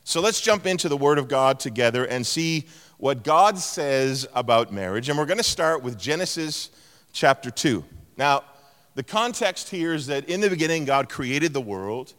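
A middle-aged man preaching a sermon in a large church, telling stories and playfully mimicking voices. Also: normal speed. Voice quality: animated storytelling with playful mimicry of a higher-pitched tone. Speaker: pastor. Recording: long hall reverb.

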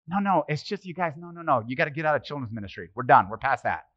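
A middle-aged man preaching a casual, conversational sermon as pastor, animated and joking, throwing rhetorical questions at the congregation. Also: fairly high pitch, fast. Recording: slightly muffled, dry sermon recording.

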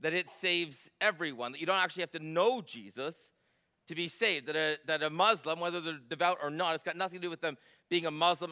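A middle-aged man preaches with a notably high, bright and forceful voice. He drives his points home with emphatic repetition and rhetorical questions, passionate but in control. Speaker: pastor. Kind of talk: sermon.

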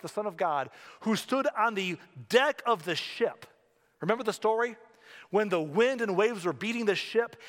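A man's voice: sits high, fairly bright tone. A male pastor preaching a sermon in a conversational, storytelling way with humorous asides. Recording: long hall reverb.

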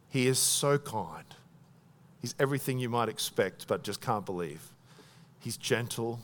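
Here a preacher, male and mid-range in pitch, narrates a story in his sermon. He acts out thoughts vividly, then drops to a soft tone for the poignant parts.

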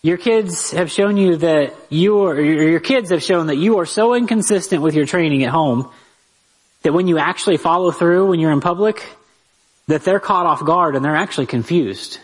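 A man teaching a conversational Bible lesson on parenting, lively and talking straight to his listeners with rhetorical asides. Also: fairly high pitch, moderate pace, husky, poor audio.

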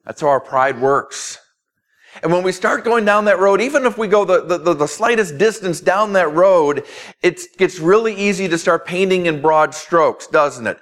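A man's voice: high voice, animated, moderate pace, fairly bright tone. A man preaching a sermon as pastor, earnest, with emphatic repetition.

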